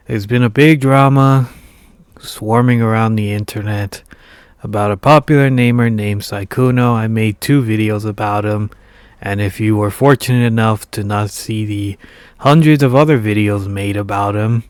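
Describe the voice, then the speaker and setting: A man with a raspy voice hosting a casual online commentary, with wry joking asides. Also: fairly low pitch, steady tone, normal speed, no echo. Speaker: commentary video host.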